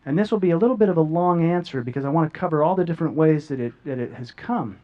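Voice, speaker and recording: A middle-aged guest speaker tells a personal story earnestly and quickly, his voice a little high, frequently repeating words along the way. The audio is dull and lo-fi.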